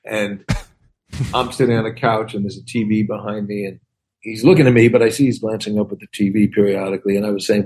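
A man with a husky, slightly breathy voice tells comic stories as a podcast guest. He is animated and acts out the people he quotes, with loose, conversational timing. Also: fairly low pitch, fast. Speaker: comedian guest. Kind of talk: anecdotal storytelling in a chat.

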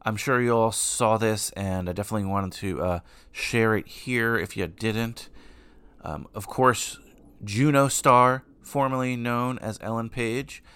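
A man's voice: lowish voice, fairly even intonation, measured pace, fairly bright tone, smooth, dry recording. A man hosting a podcast, chatting in an upbeat, rambling way with many asides. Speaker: podcast host. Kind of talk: casual podcast chat.

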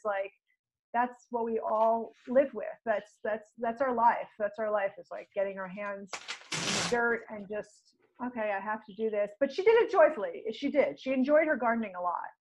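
Woman, brightish high voice, chatty reflective podcast talk, muffled lo-fi audio. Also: normal speed. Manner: chatty and reflective, many fillers and restarts. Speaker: podcast co-host discussing a book. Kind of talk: casual chat.

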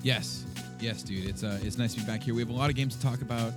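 A man's voice: medium pitch, fairly even intonation, quick pace, music in the background. Laid-back man, podcast co-host. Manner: laid-back, laughs often, frequent filler words. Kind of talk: casual sports podcast chat.

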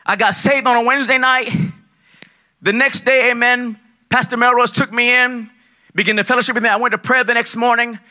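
A man preaching a sermon as pastor, loud and excitable, dropping from shouts to low asides and acting out the people in his stories. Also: brisk. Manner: acts out dialogue in his stories. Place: large church hall at a conference.

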